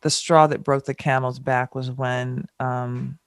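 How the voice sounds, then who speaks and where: A woman's voice: very deep voice, measured pace, dry recording, studio quality. A middle-aged woman from the American South, telling candid stories as a podcast guest and acting out past exchanges. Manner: animated, acts out past exchanges with rising exclamations. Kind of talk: candid storytelling in a podcast interview.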